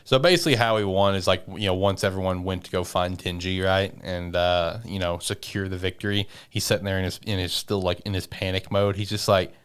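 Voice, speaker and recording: Low-voiced man recapping anime casually. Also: a little fast, few pauses, clean tone. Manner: swears freely, animated retelling of scenes. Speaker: podcast co-host.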